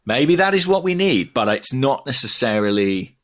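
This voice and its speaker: A man's voice: medium pitch, sing-song, normal speed, fairly bright tone. A man in his thirties, from England, co-hosting a casual chat with emphatic, thinking-aloud talk. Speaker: podcast co-host.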